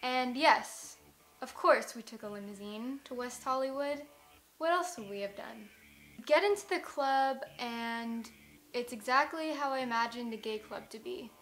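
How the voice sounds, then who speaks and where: A woman's voice: fairly high pitch, measured pace, a bit bright. A young American woman in a casual vlog, telling a story in a rambling, self-mocking way, full of "like". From United States. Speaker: vlogger.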